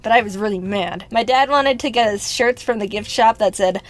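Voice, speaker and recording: A woman's voice: mid-range voice, fairly quick, hardly any pauses, faint music behind. A young woman telling a story in a wry, playful scripted narration with sarcastic asides. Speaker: animated storyteller.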